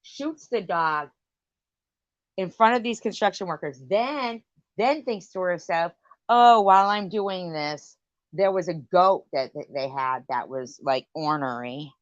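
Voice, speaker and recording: A woman's voice: on the low side, animated, measured pace, dry recording, highs cut off. A woman hosting a late-night live stream chat, telling stories in a profane, rambling rant. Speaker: livestream host.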